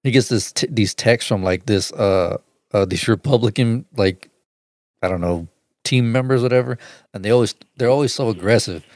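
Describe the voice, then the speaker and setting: A man's voice: on the low side, moderate pace, a little mellow, dry recording, studio quality. A man co-hosting a casual comedy podcast, who laughs often and slips into mocking put-on voices. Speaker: podcast co-host.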